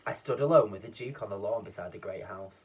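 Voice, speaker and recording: A man reading a children's book aloud in a lively, expressive way, with a few slips and restarts. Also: fairly low pitch, fast, breathy edge. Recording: dull, distant lo-fi recording.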